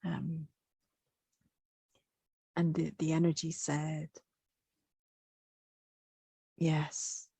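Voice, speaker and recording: Low, breathy, slow-speaking woman. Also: no room sound. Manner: soft, gentle, hesitant with frequent fillers. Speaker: quantum healing practitioner. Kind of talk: reflective spoken monologue sharing channelled messages.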